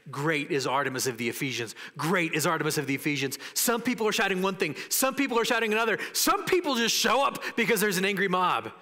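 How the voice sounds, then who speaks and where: A man preaching a sermon as pastor, animated and acting out the voices of people in the story. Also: on the high side, big-room sound.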